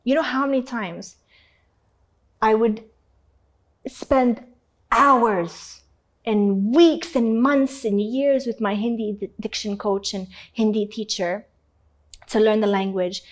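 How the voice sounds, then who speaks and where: A woman from North Africa, a guest in an interview, tells her own story animatedly and emphatically, with some casual swearing and impressions of other people's voices. Her voice is a little high, and she speaks slowly with long pauses.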